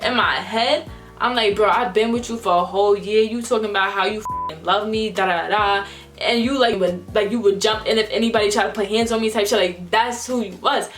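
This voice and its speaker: A woman's voice: medium pitch, brisk, soft background music. A young woman, casually telling a vlog storytime, acting out the people in it with slang and swearing. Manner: animated, acts out quoted voices with slang and swearing. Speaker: vlogger.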